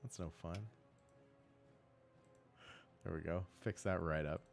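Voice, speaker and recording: A man narrating as dungeon master in a live tabletop game, painting scenes vividly and breaking off for quick rules asides. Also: sits low, fairly even intonation, creaky.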